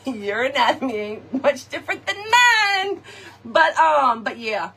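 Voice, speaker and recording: A middle-aged woman, hosting a live crafting chat, animated and laughing often as she tells stories to her viewers. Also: sits high, slow, slight background noise. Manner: animated, laughing often, folksy slang, talks to viewers directly. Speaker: craft shop host.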